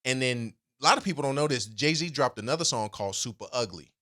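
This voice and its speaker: A man's voice: medium pitch, expressive, quick pace, a bit bright. A man co-hosting a podcast, telling stories in a casual chat with emphatic asides and restarts. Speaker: podcast co-host.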